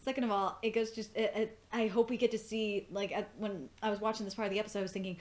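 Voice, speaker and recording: An excitable woman talking straight through a fan review of a TV episode in a mid-range voice. She gushes, swears freely and laughs often. When she gets worked up, her voice leaps sharply upward. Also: medium pitch, fast, few pauses. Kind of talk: casual fan review commentary.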